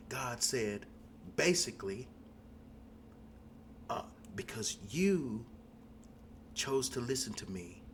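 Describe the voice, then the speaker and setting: A man hosting his own show, giving an impassioned monologue that swings from hushed, near-whispered lines to loud shouting, and who keeps saying "man". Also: medium pitch, slight background noise. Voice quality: preachy, repeats "man". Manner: starts hushed and intimate, builds to shouting. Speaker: podcast host.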